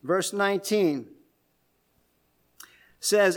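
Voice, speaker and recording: A man's voice: high voice, unhurried, fairly bright tone. A male pastor preaching an expository sermon, explaining step by step in a conversational way and putting questions to his listeners.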